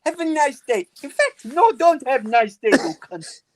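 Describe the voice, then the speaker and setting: A man's voice: very high-pitched, sing-song, a little slow, no echo. A man bantering crudely on a livestream, teasing and cackling with laughter. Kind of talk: casual banter.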